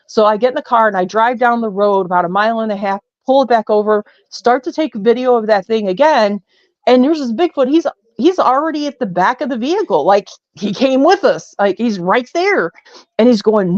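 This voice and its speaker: A woman's voice: medium pitch, brisk, no room sound. Rambling woman, dull lo-fi call. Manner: rambling, animated retelling with many fillers. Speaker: guest. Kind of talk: casual storytelling on a call-in show.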